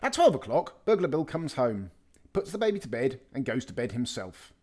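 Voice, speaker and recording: A man reading a children's picture book aloud, telling it with real expression. His pitch sits in the middle but moves a great deal, rising and falling through the sentences. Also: moderate pace. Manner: lively expressive storytelling. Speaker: storybook reader.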